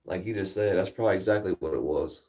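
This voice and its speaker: A livestream host chats casually with viewers, a laid-back storyteller who rambles and swears freely. He has a low-pitched, slightly mellow voice, talks fast, and is recorded from a distance.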